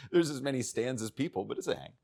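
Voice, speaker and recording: A man's voice: medium pitch, animated, fast talker, creaky, darkish tone. A man on a comedy podcast, chatting casually with wry, digressive stories. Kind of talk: casual chat.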